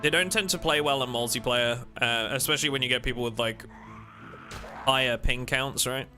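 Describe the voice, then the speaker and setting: A man's voice: medium pitch, normal speed, bright, forceful tone, soft background music. A man chatting casually and jokily with viewers while playing a game on a livestream. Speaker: streamer.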